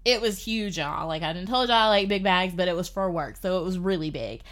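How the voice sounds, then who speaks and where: A woman telling a personal story in casual podcast chat, animated and filling her talk with "like". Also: fairly low pitch, brisk. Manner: animated, lots of "like". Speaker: podcast guest.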